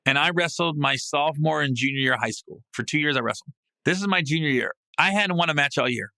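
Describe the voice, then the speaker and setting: A man with a bright, forceful voice that sits fairly high, telling a story on his podcast. He is casual and swears freely, and he keeps jumping up into loud, laughing peaks. The sound is dry and close, with no room around it. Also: fast, vocal fry, dry recording. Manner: animated, swings into loud, high laughing outbursts. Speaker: podcast host. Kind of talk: comedic storytelling monologue. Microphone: podcast mic.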